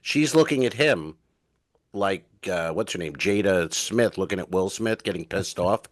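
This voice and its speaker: A comedian co-hosting a podcast, rambling through anecdotes in casual chat and acting out the dialogue. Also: male voice, deep voice, lively intonation, normal speed, dry recording.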